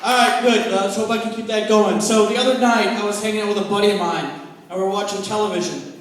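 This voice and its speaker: A man's voice: sits high, steady tone, fast, some chatter behind. A young man in his twenties performing a profane, conversational stand-up set on a comedy club stage. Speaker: stand-up comic. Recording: echoey club, captured from far off.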